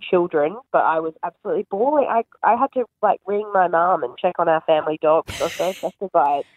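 A woman's voice: lowish voice, fast, poor audio. Giggly woman caller on a radio phone-in. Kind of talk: phone-in chat.

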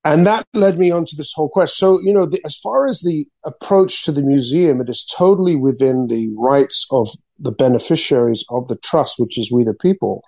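A man, an artist and author, telling his story as an interview guest, excitedly repeating words and acting out quotes. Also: fairly high pitch, normal speed, gravelly, hardly any pauses, dry recording.

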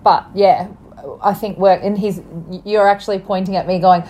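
Bubbly young mum, rambling chatty co-host, laughs a lot, slight cough. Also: female voice, mid-range voice, level tone, moderate pace, mellow, a little hiss or hum. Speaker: podcast co-host. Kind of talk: casual chat.

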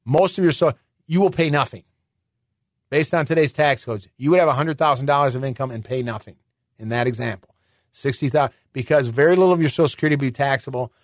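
A middle-aged man hosting a finance radio show, explaining in a chatty way with rhetorical questions and quick restarts. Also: mid-range voice, dry recording, clean studio sound.

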